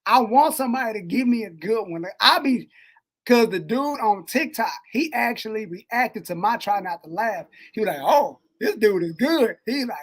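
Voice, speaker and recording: A man co-hosting a podcast in casual chat, animated and slangy, swinging between loud and soft. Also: high voice, moderate pace. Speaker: podcast co-host. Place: Texas.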